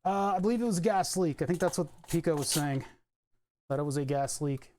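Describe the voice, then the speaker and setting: Young man streamer, casual rambling repair talk, higher pitch. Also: a little fast, a little mellow, slight background noise. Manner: thinks aloud, rambling, swears casually. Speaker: streamer doing car electronics repair. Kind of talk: casual live-stream commentary.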